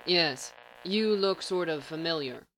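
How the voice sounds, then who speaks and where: A woman reading the lines of a cyborg man with a flat, deadpan synthesized voice. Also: on the low side, unhurried, a little hiss or hum, low-quality recording.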